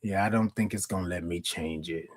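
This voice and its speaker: A man's voice: low voice, brisk. A man hosting a live morning show, chatting casually with viewers, talking to them directly and often repeating himself. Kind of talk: casual livestream chat.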